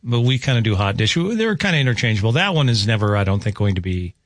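A man's voice: on the low side, quick pace, no echo. A man, a folksy radio host chatting and reading the weather in a studio. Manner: folksy, uses regional sayings, lively intonation. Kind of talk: casual on-air chat and weather read.

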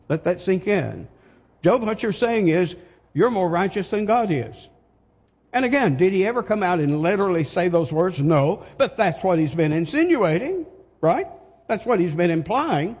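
A man's voice: high-pitched, expressive, normal speed, darkish tone, slightly rough, in a large hall. An older man preaching a sermon, pressing his points with emphatic rhetorical questions.

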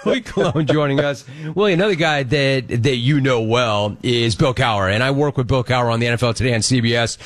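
An enthusiastic man hosting a sports talk show, laughing easily as he sets up his questions. His pitch sits in the middle for a man. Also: quick pace, few pauses, fairly bright tone. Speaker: radio host.

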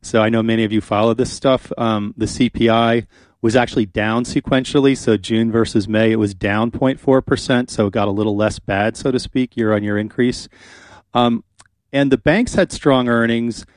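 A man's voice: medium pitch, moderate pace, no echo. Chatty male radio host, dry studio sound. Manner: relaxed, chatty, with frequent fillers. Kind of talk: casual radio talk. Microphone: studio microphone.

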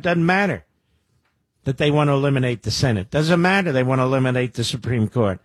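A man's voice: medium pitch, expressive, brisk, husky, dry recording, studio quality. A man in his sixties from the Philadelphia area, hosting a combative talk radio show with a sarcastic, mocking delivery. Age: 60s. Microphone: studio microphone.

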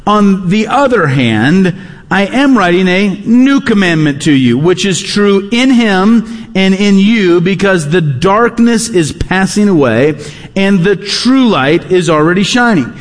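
High-voiced man preaching a sermon. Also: expressive, measured pace, in a large hall. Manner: earnest, repeats key phrases for emphasis. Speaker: pastor.

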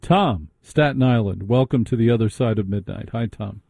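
A man's voice: fairly low pitch, normal speed, creaky, dark tone, dry recording. A man hosting a late-night call-in radio show, bantering and teasing callers with dry humor. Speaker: radio host.

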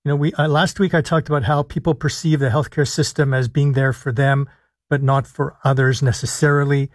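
A man hosting a live call-in radio show as a physician, explaining health policy in a measured way and stressing key words with deliberate pauses. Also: mid-range voice, steady tone, no echo. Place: radio studio. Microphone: studio microphone.

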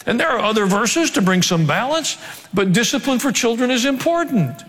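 A male pastor with a very high, sing-song voice preaches a sermon at a moderate pace, his tone a bit bright. He swings between joking asides and emphatic exhortation, his delivery rising with emphasis. The recording carries a long hall reverb.

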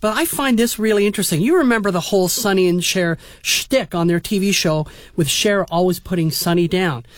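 A man hosting a radio show about old clips, chatty and quick to laugh. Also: high-pitched, no room sound, clean studio sound. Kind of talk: casual radio chat.

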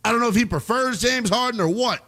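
A man hosting a basketball show, giving emphatic sports commentary that swings between loud outbursts and quick asides. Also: very high voice.

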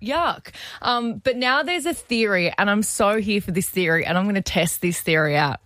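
An Australian woman co-hosts breakfast radio in an emphatic, giggly way. Her voice is dry and close, with no room sound, and sits at an average pitch. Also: moderate pace, a bit bright, dry recording. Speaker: radio co-host.

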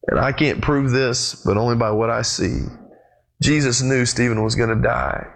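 A pastor preaching a sermon, retelling the story with lively, sweeping swings in his voice and speaking straight to his congregation. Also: normal speed, creaky. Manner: animated storytelling with big pitch swings; addresses the congregation directly.

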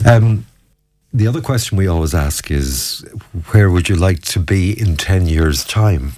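A man hosting an interview, asking questions in a halting, gentle way. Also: low-pitched, animated. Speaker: interview host.

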